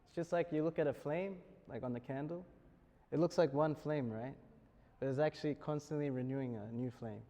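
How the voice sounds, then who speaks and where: An Australian man speaks to students in a university lecture hall at a middle pitch, with a long reverb trailing behind his voice. He keeps it light and jokey and chuckles between points. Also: fairly quick, dark tone. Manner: joking, chuckles often. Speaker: spiritual speaker.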